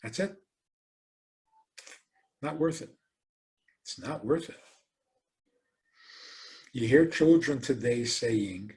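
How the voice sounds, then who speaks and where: A rabbi giving a lecture, telling stories animatedly and asking rhetorical questions. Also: male voice, mid-range voice, slow, pauses often. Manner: animated storytelling, acts out quoted voices.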